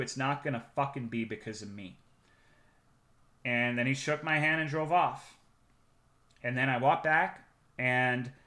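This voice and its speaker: A man's voice: a little high, bright, forceful tone. A young man streaming, telling a long rambling story in casual, profane chat, with many fillers.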